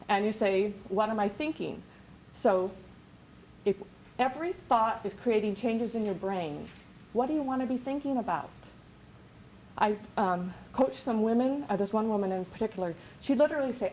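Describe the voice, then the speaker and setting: A woman business coach giving an energetic, rambling workshop lecture with many restarts. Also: a little high, a little hiss or hum, low-quality recording.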